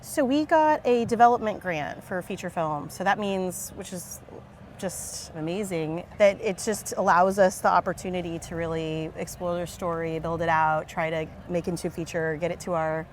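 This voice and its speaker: A woman's voice: fairly low pitch, normal speed, a little hiss or hum. A woman filmmaker being interviewed at a party, enthusiastic and chatty. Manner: enthusiastic, chatty, laughs easily. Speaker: guest filmmaker. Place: outdoor film party.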